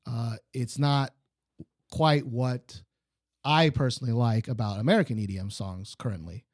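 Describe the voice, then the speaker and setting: A man chatting casually as he reviews a song, opinionated and meandering, full of "like" and "kinda." His voice sits at a middle pitch and is recorded close and dry, with no room sound. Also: normal speed, no echo. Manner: rambling, opinionated, frequent fillers. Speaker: podcast co-host. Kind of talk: casual music review chat.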